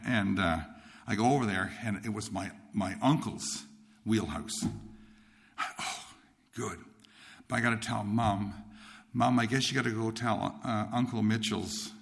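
Gravelly low-voiced man telling his testimony. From Nova Scotia, Canada. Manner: rambling, repeats words, lots of restarts and uh's. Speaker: speaker sharing his testimony. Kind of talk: personal testimony storytelling.

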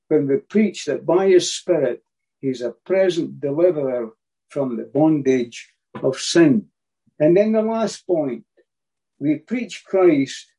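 A man's voice: fairly high pitch, warm tone, breathy edge, low-quality recording. A man preaching a sermon, emphatic and repeating his key phrases.

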